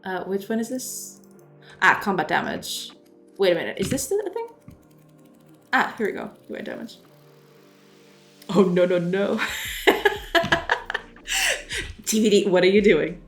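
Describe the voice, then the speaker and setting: A woman's voice: mid-range voice, expressive, measured pace, pauses often. A woman at her computer chatting with viewers while she codes, in a loose, talkative way. She pokes fun at herself and giggles often. Faint music plays behind her. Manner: giggly, self-deprecating, often breaks into laughter; chatty, reads and answers viewer messages. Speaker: game developer streamer. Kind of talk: casual live-stream chat while coding.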